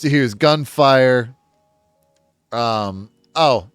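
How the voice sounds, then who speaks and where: A man's voice: medium pitch, unhurried, smooth, dry recording, soft background music. A man giving a casual book synopsis on his channel, rambling with chuckles and self-deprecating asides. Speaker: book reviewer.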